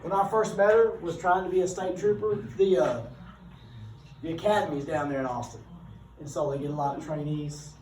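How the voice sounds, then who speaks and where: A man, a teacher telling animated, rambling anecdotes to his class with frequent self-corrections. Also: a little high, brisk. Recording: echoey room, distant mic, background noise.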